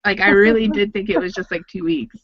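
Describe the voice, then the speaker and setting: A woman's voice: medium pitch, fairly even intonation, brisk, dull audio. A woman hosting a casual online chat show, talkative and laughing often. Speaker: podcast host.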